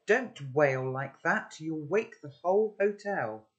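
A man's voice: on the high side, animated, takes it slowly, lo-fi sound. A man reading aloud and voicing a wary, blunt boy who talks in an offhand, teasing way.

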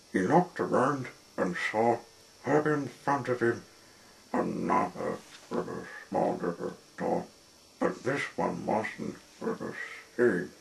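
A man reading a children's picture book aloud, halting often with repeated words and fillers. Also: sits low, creaky, a little hiss or hum. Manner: halting, with many restarts and fillers. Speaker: storyteller.

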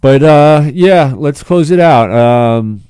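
A man's voice: on the high side, lively intonation, slow pace, dark tone, smooth, no echo. A man hosting a podcast in casual chat, rambling and profane with lots of stammered restarts. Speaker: podcast host.

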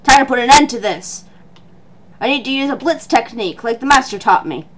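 A woman voicing an earnest young male martial-arts monk in a lowered, solemn tone while reading game dialogue aloud. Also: lively intonation, brisk.

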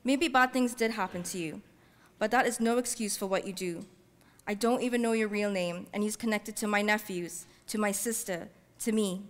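A woman's voice: medium pitch, moderate pace. Woman reading fiction in a reverberant hall. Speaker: author reading her work. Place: library event space. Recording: long reverb from a large hall.

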